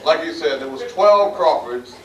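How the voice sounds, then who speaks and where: Midwestern man, folksy award speech, cracks jokes at himself; distant roomy recording with loud crowd. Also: a little high, lively intonation, normal speed, dull audio. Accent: Midwestern American. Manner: folksy, self-deprecating, joke-telling. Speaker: award recipient giving a speech. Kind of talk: joking acceptance speech. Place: banquet room. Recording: echoey hall taped from far off, loud crowd. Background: crowd murmur and laughter.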